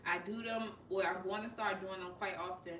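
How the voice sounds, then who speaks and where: A woman's voice: medium pitch, steady tone, brisk, fairly bright tone. A woman hosting a live tarot stream in a casual, direct way, calling her viewers y'all. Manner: informal, addresses viewers as y'all, chatty and direct. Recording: echoey room, mic at a distance, clear background noise.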